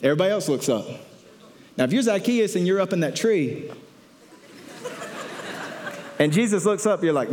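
A man preaching a sermon, telling a story with animated delivery and acting out the crowd's voices. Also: high voice, moderate pace, pauses often, slight background noise. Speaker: pastor.

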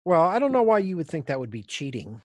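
A middle-aged man co-hosting a podcast, chatting casually and telling lively stories. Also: a little high, fast talker, no echo. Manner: animated storyteller, acts out quoted voices. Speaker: podcast co-host. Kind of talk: casual chat.

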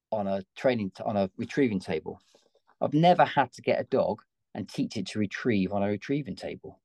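An English man with a lowish voice and a warm, relaxed tone speaks as a guest. He explains training steps in an emphatic, hands-on way, recorded close and dry. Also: dry recording. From England. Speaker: gun dog trainer guest. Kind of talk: conversational interview.

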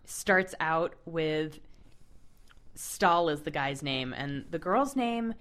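Woman podcast co-host, lowish voice, animated casual chat. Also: slow pace. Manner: animated storyteller, enthusiastic.

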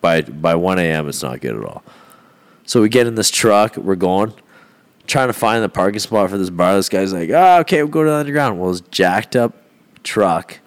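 A man's voice: deep voice, lively intonation, normal speed. A man who is a fighter, guesting on a podcast and telling a rowdy, profane story in a casual way, laughing often.

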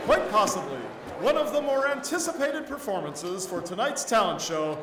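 A man's voice: high-pitched, big pitch swings, moderate pace, echoey room, noisy background. A man doing a showy talent-show announcer.

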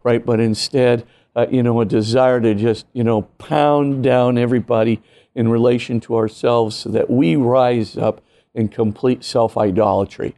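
A man's voice: medium pitch, steady tone, normal speed, warm tone. A man, a priest, explaining earnestly and emphatically in an interview, full of "you know" and "right?" asides. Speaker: priest and guest author. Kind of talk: animated teaching talk in an interview.

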